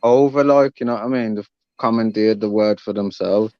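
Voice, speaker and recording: A man's voice: on the low side, moderate pace, clean tone, dry recording. A man with a British accent hosting a radio chat, talking in laid-back, slangy banter over an online call. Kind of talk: casual chat. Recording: dull lo-fi sound.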